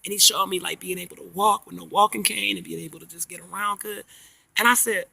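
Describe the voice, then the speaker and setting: Middle-aged woman, vlog chat, rambling stories, sharp bright tone, husky edge. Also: mid-range voice, quick pace. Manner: rambling, animated storytelling with slang. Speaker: vlogger. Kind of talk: casual chat.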